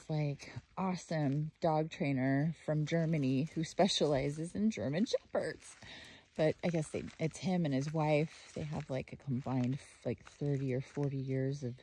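Walking her dog outdoors, a woman with a low, slightly rough voice records a casual video diary. She rambles with fillers and slips into sing-song baby talk for the dog.

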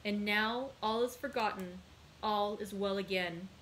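A woman reading aloud, voicing a frail, gentle elderly father in a slow, soft manner. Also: medium pitch, slight background noise, natural voice, poor audio.

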